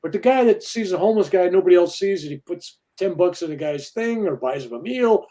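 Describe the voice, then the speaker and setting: This older man's voice is high and dark, brisk, with lively intonation. A minister guesting on an interview, he discusses spirituality earnestly and acts out quoted voices as he recounts stories.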